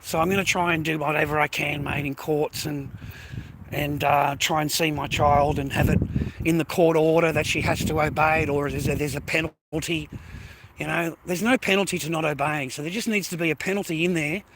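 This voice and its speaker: A man's voice: a little high, fairly even intonation, fairly quick, background noise. An Australian man ranting straight to his viewers in a casual vlog, swearing heavily, repeating himself and calling them mate and boys. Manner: profane, repetitive, addresses viewers as mates and boys. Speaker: vlogger.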